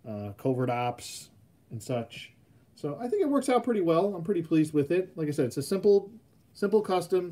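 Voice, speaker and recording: A man of middle pitch chats casually on his live stream. He rambles easygoingly, padding his talk with lots of ums and uhs. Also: a little mellow. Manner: rambling, filler-heavy, easygoing. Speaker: host of a live custom action figure stream.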